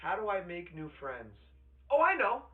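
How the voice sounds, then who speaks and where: A man's voice: high-pitched, huge pitch swings, moderate pace, slightly rough. Brash man with a thick New York accent. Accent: exaggerated New York. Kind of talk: comedy skit. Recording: phone-like audio, faint music behind.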